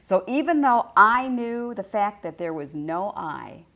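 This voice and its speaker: A woman's voice: mid-range voice, expressive, measured pace, a bit bright. A middle-aged woman giving an informal spiritual teaching to a group, conversational and repeating phrases for emphasis.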